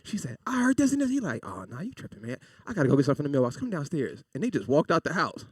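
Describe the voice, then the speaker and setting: A man's voice: mid-range voice, rapid-fire, husky, no echo, studio quality, recorded from a distance. A man in his thirties telling a story in casual chat, acting out the other voices in it. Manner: animated storyteller, acts out voices.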